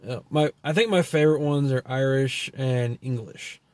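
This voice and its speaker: A man's voice: mid-range voice, moderate pace, darkish tone, no room sound. Profane Texan man rambling stories. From Texas. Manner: loose, profane, trails off with many fillers. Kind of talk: rambling storytelling monologue.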